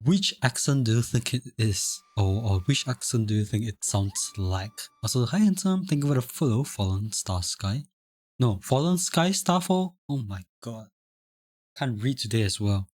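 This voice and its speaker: A man's voice: mid-range voice, expressive, moderate pace, a little mellow, no echo. A young man from Singapore chatting casually on a live stream, reading chat aloud, rambling and repeating himself. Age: young adult. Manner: rambling, repeats phrases, chuckles often.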